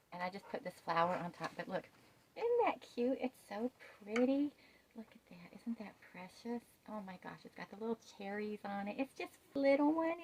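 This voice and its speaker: A woman chatting casually through a home decor haul, gushing and soft-spoken, often dropping to a hush. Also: a little high, poor audio. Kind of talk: casual shopping haul chat.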